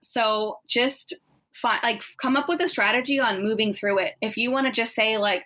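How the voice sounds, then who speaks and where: A woman speaks as a guest on a casual podcast interview and shares encouraging advice. She talks with enthusiasm and gives her points in clear steps. Her voice is bright, with a slightly raised pitch. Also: normal speed. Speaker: guest, community founder.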